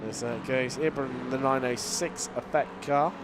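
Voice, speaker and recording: Race commentator with a cold. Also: male voice, medium pitch, measured pace. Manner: lively play-by-play, fillers, restarts mid-sentence. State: has a lingering cold. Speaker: sim racing commentator. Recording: voice over loud race car noise. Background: racing car engine sounds.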